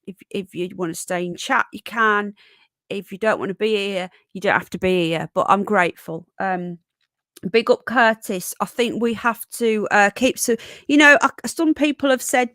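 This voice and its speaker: A woman hosting a casual live stream, a bit croaky, chatting and greeting viewers by name with endearments like darling and sweetheart. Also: mid-range voice, normal speed, fairly bright tone, no echo, studio quality. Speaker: livestream host.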